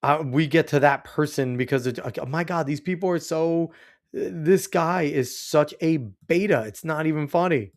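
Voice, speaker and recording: A man's voice: a little high, normal speed. A man hosting a show, reacting to clips with mocking, profane asides. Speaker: host. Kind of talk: reaction commentary over clips.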